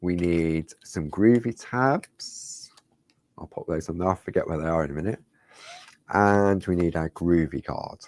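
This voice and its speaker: Chatty man with a very low voice. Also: a little slow, darkish tone, no echo. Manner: chatty, rambling, asks viewers rhetorical questions. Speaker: craft show host. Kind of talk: casual step-by-step craft demonstration.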